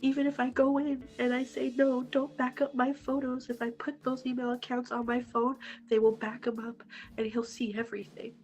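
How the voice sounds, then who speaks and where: A woman's voice: sits high, flat delivery, normal speed, a little mellow. A woman earnestly describing her own experience in an interview, stressing each point in a list. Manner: earnest, emphatic listing. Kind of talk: personal testimony.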